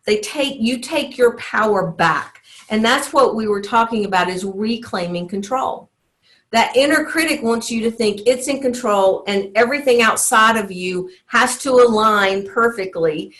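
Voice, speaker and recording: A woman's voice: mid-range voice, a bit bright. A woman teaching a motivational teleclass as a life coach, in an earnest, encouraging way. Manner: earnest, encouraging, often acts out inner self-talk.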